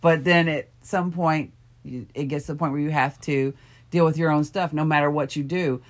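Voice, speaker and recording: A middle-aged woman talking gently and reflectively in a casual heart-to-heart with a friend, from her bedroom. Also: deep voice, fairly even intonation, normal speed. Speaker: friend sharing personal story. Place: bedroom, in bed.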